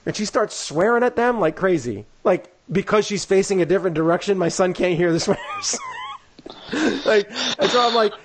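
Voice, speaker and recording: A man with a slightly high voice co-hosts a sports podcast and tells a long, meandering story. He fills his talk with "like" and "you know," and slips into lively voices when he quotes other people. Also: moderate pace. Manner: rambling, full of "like" and "you know". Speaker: podcast co-host. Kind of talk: casual storytelling chat.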